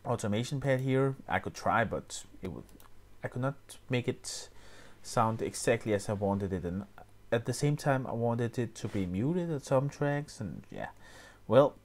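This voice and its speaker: A man explaining music software step by step, often pausing with fillers and restarting his sentences. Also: mid-range voice, very animated. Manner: hesitant, many fillers and restarts. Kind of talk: screen-recorded tutorial.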